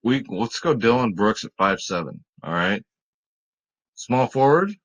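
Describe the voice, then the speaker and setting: A man's voice: lowish voice, expressive, unhurried, a bit bright. A young adult man hosting a fantasy sports picks video, chatting casually and joking with his cat. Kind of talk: casual chat.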